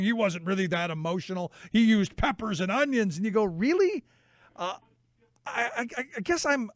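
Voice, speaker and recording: Talk radio host, male, high-pitched, dry and close, indignant and halting. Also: no echo. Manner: indignant, halting, with many fillers and restarts.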